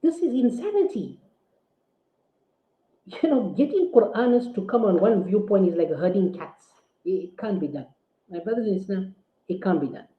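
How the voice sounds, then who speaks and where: A man, an Islamic scholar, delivering a forceful, indignant rebuttal full of rhetorical questions. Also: high voice, animated, normal speed, pauses often. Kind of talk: preaching rebuttal. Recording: tinny phone-like audio in an echoey room.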